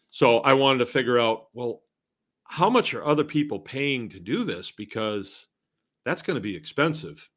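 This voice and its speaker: A man's voice: mid-range voice, sing-song, a little slow, long pauses. A middle-aged man from Massachusetts hosting a casual live stream, reading viewer comments aloud and rambling along with chuckling asides. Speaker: host.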